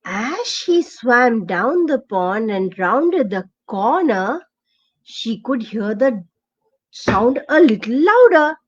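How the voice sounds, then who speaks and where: A woman telling a children's story aloud, expressive and asking the listener questions along the way. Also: a little high, takes it slowly, muffled recording.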